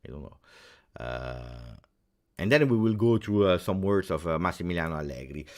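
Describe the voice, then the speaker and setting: A man's voice: low-pitched, animated, normal speed. A man hosting a fan live stream, ranting heatedly and repeating himself for emphasis. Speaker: fan channel host.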